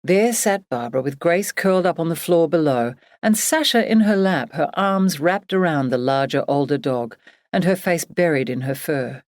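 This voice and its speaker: Female audiobook narrator, low-pitched, steady storytelling, dry close sound. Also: no room sound. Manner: measured, even storytelling.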